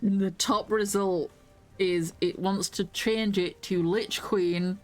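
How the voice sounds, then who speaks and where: A woman's voice: mid-range voice, fairly even intonation, slow, soft background music. A woman streamer chatting and swearing casually as she plays a video game live. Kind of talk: live gameplay commentary.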